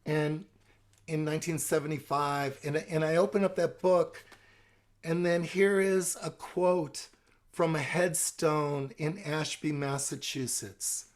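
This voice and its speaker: A middle-aged man giving a calm, gentle talk on stress management, using examples. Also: a little high, slow pace. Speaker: speaker on stress management and palliative care. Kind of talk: educational talk with role-play examples.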